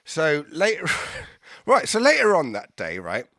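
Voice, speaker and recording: A man spins a story in a lively, up-and-down voice, bright and forward. He swears freely and laughs often. The sound is dry and close. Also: on the high side, measured pace, no echo. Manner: swears a lot, laughs often, acts out both sides of chats. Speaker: podcast guest. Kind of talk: casual storytelling chat.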